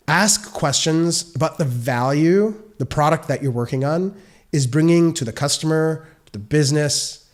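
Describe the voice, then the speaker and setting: An earnest man giving advice on a podcast in an explanatory tone. He works through question after question the way a consultant would. His voice sits at a mid pitch. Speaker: software consultant.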